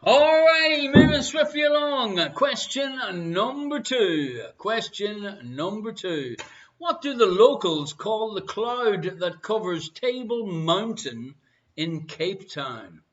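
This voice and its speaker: A man with an Irish accent hosting a live online quiz, playful and repeating each question slowly. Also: sits high, expressive, fairly bright tone, dull audio. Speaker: quiz host.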